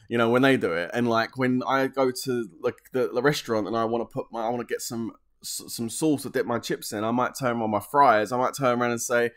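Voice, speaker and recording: A man's voice: medium pitch, brisk, few pauses. A man with an English accent from southeast England, chatting casually on a game live stream, rambling, reading out comments and laughing often.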